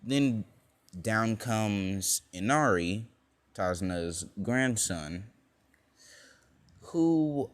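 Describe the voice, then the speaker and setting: A man's voice: on the low side, animated, extremely slow, pauses often, no room sound. A young man casually telling a fan-made alternate story, rambling along with lots of fillers and frequent self-corrections.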